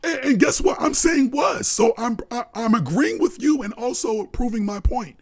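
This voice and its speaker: Male podcast co-host, high, rough and raspy voice, lively pitch swings; combative, profane, repetitive arguer. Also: moderate pace. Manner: argumentative, swearing, laughing, repeats himself. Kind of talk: heated casual sports debate.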